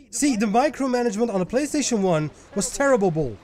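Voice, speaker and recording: A man giving let's play commentary who swears a lot and swings from loud frustrated yelling to low muttering. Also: very animated, fast. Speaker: gaming YouTuber.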